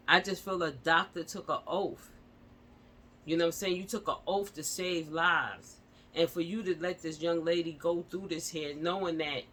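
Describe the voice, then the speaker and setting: A woman's voice: on the low side, bright, forceful tone. A woman vlogger at home, giving impassioned casual commentary on a news story and speaking straight to her viewers with repeated fillers.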